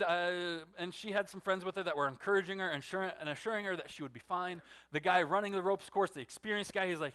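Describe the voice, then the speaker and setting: A man preaching a sermon as pastor, telling a story and swinging between loud emphatic lines and hushed, soft ones. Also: high voice, quick pace, clean tone.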